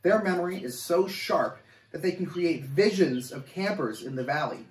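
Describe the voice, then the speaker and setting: Brief: expressive male storyteller, slightly high voice, distant mic in an echoey room. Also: normal speed. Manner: animated, expressive reading. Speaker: camp coordinator reading a story. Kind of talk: storybook read-aloud.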